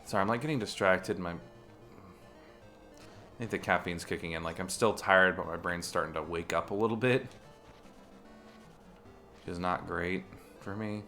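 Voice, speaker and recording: A man's voice: deep voice, normal speed, long pauses, pushed and bright. A man streaming a video game and chatting casually while he plays, rambling and restarting his sentences often. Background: faint game music.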